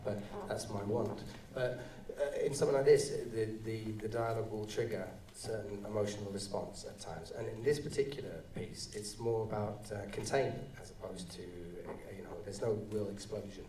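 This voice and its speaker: A male actor answering audience questions at a live screening, talking in halting, rambling bursts with many restarts. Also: lowish voice, warm tone, far from the mic, slight background noise. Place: cinema auditorium. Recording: roomy hall sound, voice from off-mic.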